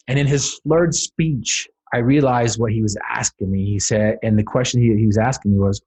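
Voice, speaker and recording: A man with a husky, slightly rough voice tells a personal story as a podcast guest. He talks dramatically and builds to emphatic, rising peaks. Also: on the low side, normal speed, hardly any pauses, a little mellow. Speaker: podcast guest, motivational speaker.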